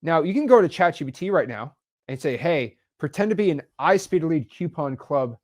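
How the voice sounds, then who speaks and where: Emphatic fast-talking young man. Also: fairly high pitch. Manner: energetic, emphatic, slangy. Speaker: podcast host, real estate investor. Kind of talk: casual podcast chat.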